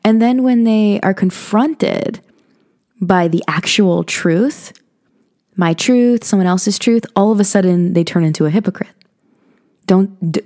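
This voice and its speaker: A woman's voice: on the low side, moderate pace, dark tone. A young woman hosting a podcast, talking casually and earnestly about spiritual self-help, with many "you know" and "like" fillers. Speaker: podcast host.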